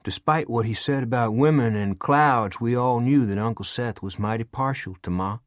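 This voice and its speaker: A man narrating an audiobook in an even, steady storytelling voice of middle pitch. The sound is dry and close, with no room around it. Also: moderate pace, no echo. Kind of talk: scripted narration.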